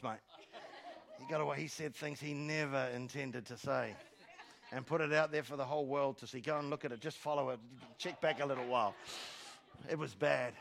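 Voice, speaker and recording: A man preaching a sermon on a church stage, moving from soft asides to loud exhortation and often repeating words as he starts a phrase. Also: fairly high pitch, creaky. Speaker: pastor.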